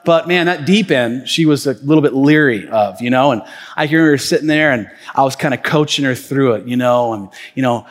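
A man's voice: medium pitch, a little fast. A man preaching a sermon as pastor, telling stories casually with lots of fillers. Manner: conversational storytelling with many fillers. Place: church auditorium. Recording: reverberant church hall.

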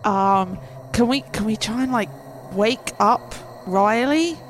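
A woman at a tabletop role-play session, eager and bold, often breaking into laughter. Her voice sits slightly high. Faint music plays in the background. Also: slow pace. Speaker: player.

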